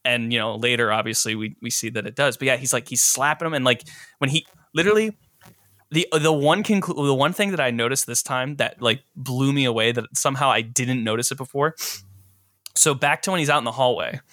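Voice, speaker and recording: A man's voice: mid-range voice, fairly quick, bright, forceful tone, dry recording, clean studio sound. A young man hosting a casual movie podcast, talking animatedly and acting out quoted lines. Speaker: podcast host.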